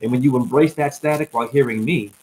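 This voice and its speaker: A man's voice: mid-range voice, fast, darkish tone, poor audio. A man on a livestream delivering a rambling, rhyming spiritual monologue with bursts of whoops, sounding tired and drained. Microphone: static-laden livestream mic.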